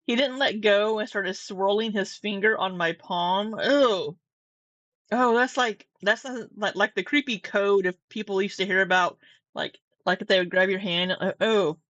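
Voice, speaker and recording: A woman's voice: mid-range voice, moderate pace, fairly bright tone, no echo. A woman speaks in a mid-range voice with dry, sarcastic commentary, blunt and sometimes cursing. The recording is close and dead, with a slightly dull tone. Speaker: commentator reacting to a video. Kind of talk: reaction commentary.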